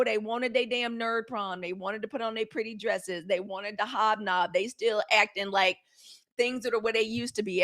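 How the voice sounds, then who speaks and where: A middle-aged woman hosts a live news stream with a slightly high voice. She talks bluntly and sarcastically, with a lot of swearing. She also answers comments from her viewers. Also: fairly bright tone. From United States. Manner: blunt, fiery and sarcastic, with swearing and colloquial talk. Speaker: host of a daily live news commentary show.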